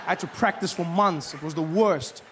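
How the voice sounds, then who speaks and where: A man performs a stand-up set with a high, light voice, telling stories and putting on other people's voices. He breaks into loud, shrill outbursts when he acts things out. A faint hum of the room sits behind him. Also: moderate pace, big-room sound. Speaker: stand-up comedian.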